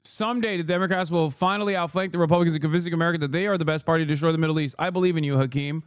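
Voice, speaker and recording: A man streaming political commentary, ranting in profane, exasperated, fast bursts with frequent fillers. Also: fairly high pitch, steady tone, clear, resonant tone, no echo, studio quality. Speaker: streamer reacting to clips.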